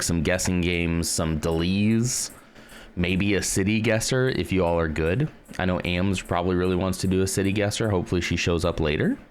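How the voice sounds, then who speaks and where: A man's voice: low voice, slight background noise. A man from the United States hosting a live stream, chatting casually and greeting viewers by name. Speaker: livestream host.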